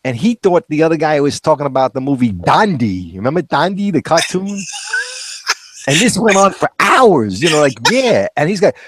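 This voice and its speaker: Animated, chatty man telling stories. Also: on the high side, moderate pace, no echo. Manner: storytelling, chuckling, acts out quoted voices. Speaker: co-host. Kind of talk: casual chat.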